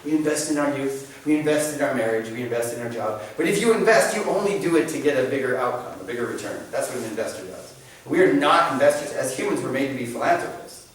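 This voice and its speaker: A man giving a church teaching talk in an animated, joking, conversational way. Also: mid-range voice, quick pace. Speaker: church catechist speaker. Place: church hall. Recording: echoey hall, distant mic.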